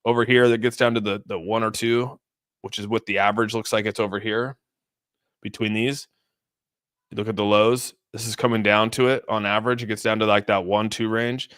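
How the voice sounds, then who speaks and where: A man's voice: fairly low pitch, flat delivery, brisk, fairly bright tone, smooth, dry recording, studio quality. A man streaming live, talking casually through crypto charts and reading out viewer messages in a loose, chatty way. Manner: loose and chatty, many restarts, reads donor messages. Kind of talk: casual livestream chart commentary.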